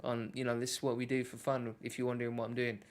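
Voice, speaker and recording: A man's voice: mid-range voice, monotone, fast. Rambling man hosting a live tech demo. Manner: loose, rambling, many fillers and restarts. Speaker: host. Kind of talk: casual live tech walkthrough.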